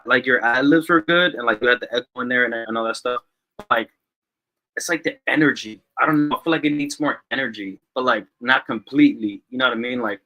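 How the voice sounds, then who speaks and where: A man's voice: mid-range voice, sharp tone, rough recording. A man hosting a livestream music review, giving casual feedback with lots of filler words over a video call. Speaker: music review show host.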